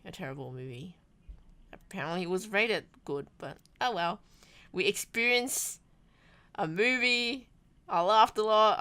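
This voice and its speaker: Young woman rambling thru a vlog, smooth voice, lowish, dry close sound. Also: sharp tone, no echo. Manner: rambly, self-deprecating, lots of ums and restarts. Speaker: vlogger. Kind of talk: rambling travel vlog chat.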